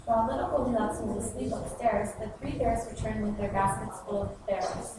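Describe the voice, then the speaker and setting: A woman reading a storybook aloud to children in an expressive, sing-song way. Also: mid-range voice, a little fast. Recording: echoey, far-off noisy room.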